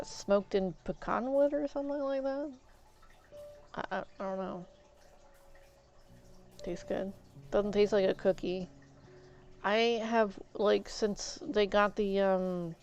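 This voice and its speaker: A woman's voice: mid-range voice, a little mellow. A woman streamer chatting casually while eating, rambling through meandering asides. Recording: dull lo-fi stream audio with faint music.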